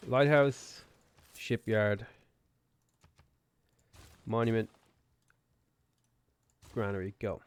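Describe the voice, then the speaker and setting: Relaxed man with a sore throat. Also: mid-range voice, normal speed, no echo. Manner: relaxed, chatty, muttering game moves to himself. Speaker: streamer playing a strategy game. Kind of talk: live gameplay commentary, reading chat.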